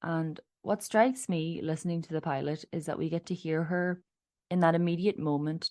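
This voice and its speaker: A woman co-hosting a podcast, reading out a story and laughing easily. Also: sits low. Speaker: podcast co-host. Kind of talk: casual chat and scripted narration.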